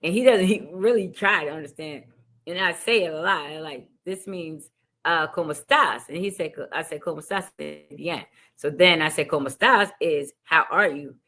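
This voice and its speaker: A middle-aged woman, a teacher hosting a podcast, telling classroom stories in a casual, animated way and acting out quotes. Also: low voice, normal speed. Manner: storytelling, animated, acts out quotes.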